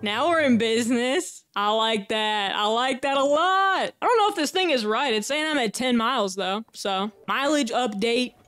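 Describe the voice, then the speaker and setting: Excitable woman narrating her gameplay. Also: fairly high pitch, moderate pace, few pauses, no echo, clean studio sound. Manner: excitable, jokey, swearing, talking to herself while playing. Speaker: gaming YouTuber. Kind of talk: casual gameplay commentary.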